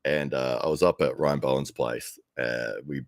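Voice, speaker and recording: A middle-aged arm wrestling commentator with a steady bass voice tells a rambling, casual story at a moderate pace, chuckling often and getting livelier whenever he quotes himself. The recording is dry, with a clean studio sound.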